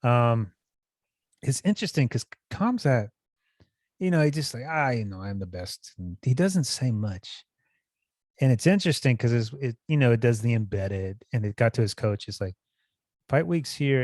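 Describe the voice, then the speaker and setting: A man co-hosting a casual podcast, telling stories with energy and slipping into impressions of the people he describes. His voice sits at an ordinary middle pitch and sounds close and dry, with no room echo. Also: normal speed. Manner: animated, imitates fighters mid-story. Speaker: podcast co-host. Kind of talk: casual chat. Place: Hawaii.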